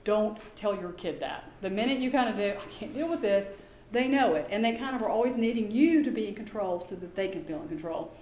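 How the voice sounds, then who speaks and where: A woman giving a talk to parents as a behavior specialist. She is chatty and lively and often acts out quoted dialogue. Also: medium pitch, brisk, few pauses, reverberant, slight background noise. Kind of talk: presentation to an audience.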